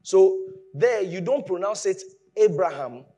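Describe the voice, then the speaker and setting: A man preaching a sermon, explaining with lively emphasis that rises from quiet asides to raised points. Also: fairly high pitch, normal speed, husky.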